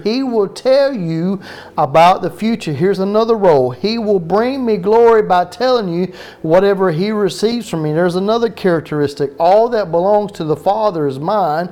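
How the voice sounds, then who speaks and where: A man's voice: high voice, darkish tone. A man with a Southern US accent preaching a sermon as pastor, drawing out his words in a folksy way and asking questions of his listeners. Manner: folksy, drawn-out words, asks the room questions.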